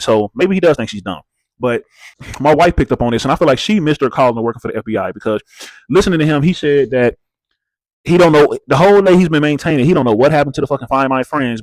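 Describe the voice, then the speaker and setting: A man's voice: mid-range voice, dry recording. A man hosting a reality TV recap channel, talking casually and bluntly with slang, swearing and rhetorical questions.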